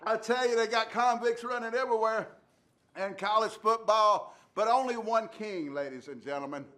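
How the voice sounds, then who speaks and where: A man hosts sports talk radio with a high, bright, piercing voice. He hollers and hams it up, running loud comic bits. The delivery is theatrical and boisterous. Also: normal speed.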